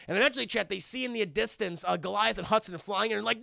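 Male streamer, high and very gravelly, recapping a cartoon for live chat, swears freely, dry close sound. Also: pushed and bright, no echo. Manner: rambling, profane, keeps addressing chat; acts out characters' lines in quick asides.

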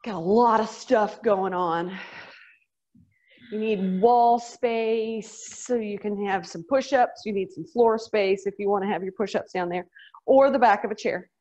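Bubbly Southern woman leading a slow workout. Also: mid-range voice, darkish tone, muffled recording. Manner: bubbly, playful, with little sound effects and laughs. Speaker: fitness instructor. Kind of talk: guided workout instruction.

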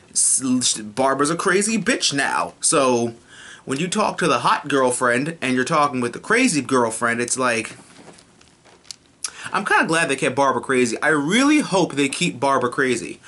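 A young man hosting a casual, profane spoiler review of a TV episode, acting out scenes in quick voices. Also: on the high side, sharp tone. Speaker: YouTube TV reviewer.

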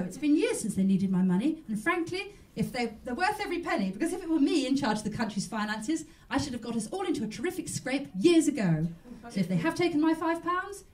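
A woman doing a stand-up character act as a mock chat show host. She sounds prim and genteel and rambles along. Her fairly high voice swoops up and down a lot, picked up by a mic set well back from her. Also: far from the mic.

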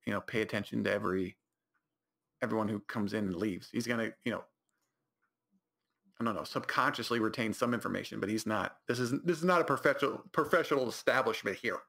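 A young man hosting a podcast, telling a comedic story in a rambling, animated way and correcting himself often. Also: lowish voice, fast talker, gravelly. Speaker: podcast host.

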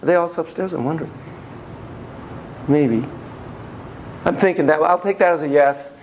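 A man working as a child psychotherapist in a play therapy demonstration, talking gently and reflectively in a playroom. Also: on the high side, moderate pace, a little hiss or hum, rough recording.

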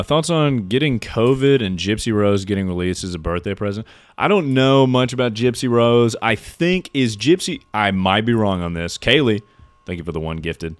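A man's voice: fairly low pitch, clear, resonant tone, no echo. A young man streaming a horror game live, joking loosely and reading out chat. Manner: jokey, reacts to chat and thanks subscribers.

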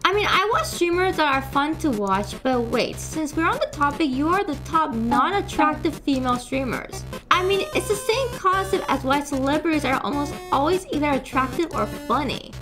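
A woman's voice: high voice, lively intonation, moderate pace, hardly any pauses, over music. A woman streamer reacting live and reading chat messages aloud, playful and teasing, with sudden shrieks and mock outrage.

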